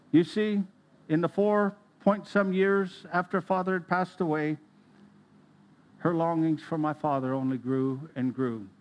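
A middle-aged man preaching in an earnest, storytelling way, his voice sitting a little higher than most men's. He often pauses to clear his throat as he speaks. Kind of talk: sermon.

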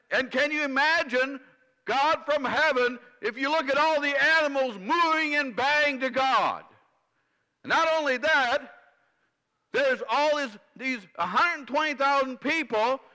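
High-voiced preacher in a reverberant hall. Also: male voice, pushed and bright. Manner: questions the congregation, repeats phrases for emphasis. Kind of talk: sermon. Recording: long reverb from a large hall.

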